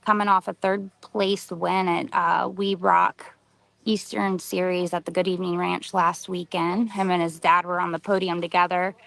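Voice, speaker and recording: Gravelly-voiced woman commentating a live stream. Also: lowish voice, no room sound, low-quality recording. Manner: relaxed, chatty with filler pauses. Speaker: event commentator.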